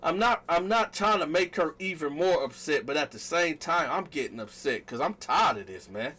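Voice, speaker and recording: High, bright male storyteller, casual and animated, addresses the viewers directly. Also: normal speed. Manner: animated, talks straight to viewers, acts out quotes loudly. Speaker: storytelling vlogger.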